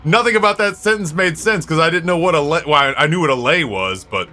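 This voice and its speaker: A man's voice: on the high side, expressive, a little fast, sharp tone, soft background music. A man streaming a game and chatting casually, rambling and cracking crude jokes with his viewers. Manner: rambling, joking, crude banter with chat. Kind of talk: casual live-stream chat while gaming.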